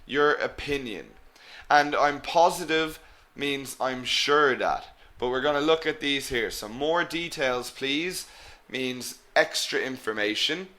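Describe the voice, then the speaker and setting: A man's voice: medium pitch, takes it slowly, bright, forceful tone. A man teaching an English webinar, stressing each example phrase and calling his learners "guys". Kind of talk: live webinar lesson.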